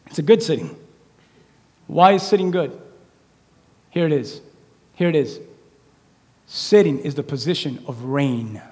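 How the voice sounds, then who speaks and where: A man preaching a sermon in a church, animated and conversational, acting out little quotes as he goes. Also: on the high side, unhurried, pauses often. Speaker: pastor. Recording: echoey hall reverb.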